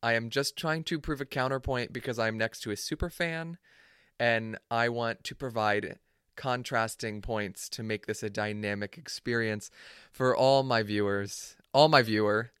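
A man's voice: mid-range voice, fairly even intonation, normal speed, sharp tone, clean tone, no echo, clean studio sound. A young man co-hosting a podcast in casual chat, playful and sarcastic. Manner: playful, sarcastic, mock-formal. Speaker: podcast co-host.

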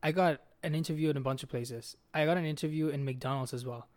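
A man's voice: fairly high pitch, quick pace, no room sound. Profane young man telling a story. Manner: profane, animated, says "bro" a lot. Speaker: podcast host. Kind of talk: casual storytelling chat.

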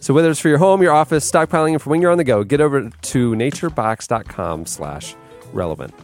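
A man's voice: mid-range voice, expressive, faint music behind. A man hosting a podcast, reading a snack ad in a casual, upbeat way with a few fillers. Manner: brisk, upbeat ad read with fillers. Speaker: podcast host. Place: podcast studio.

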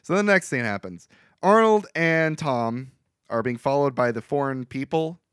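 A man co-hosting a casual podcast, retelling a movie with wry, animated asides. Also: mid-range voice, moderate pace, clear, resonant tone, dry recording. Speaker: podcast co-host. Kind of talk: casual movie recap chat.

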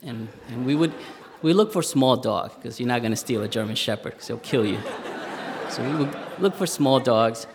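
A man, telling a personal story live on stage in a conversational way, with pauses and fillers. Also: medium pitch, lively intonation, noisy background. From Spanish Harlem, New York. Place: stage in a museum hall, live audience. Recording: reverberant live hall.

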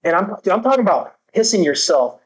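A man with a high-sitting, very animated voice talks fast as a guest on a podcast, and the audio is poor. Intense and emphatic, he swears heavily while giving a candid motivational talk about growth.

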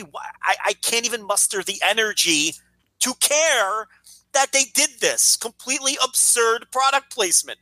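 A man's voice: very high-pitched, animated, moderate pace, bright, forceful tone, no room sound, low-quality recording. A man co-hosting a wrestling podcast, ranting in casual chat, exasperated and sarcastic, with frequent swearing.

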